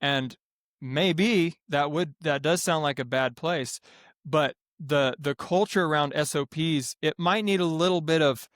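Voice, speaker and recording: A man who runs a greenhouse farm, talking in a casual podcast interview, rambling with many restarts and turning animated when he quotes others. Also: on the high side, measured pace, no room sound, clean studio sound. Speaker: greenhouse farm owner, guest.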